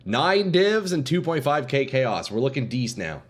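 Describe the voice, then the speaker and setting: A man's voice: medium pitch, big pitch swings, normal speed. A man streaming casually, chatting to his viewers in a laid-back, slangy way and calling them dude and boys. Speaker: game streamer. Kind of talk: casual livestream chat.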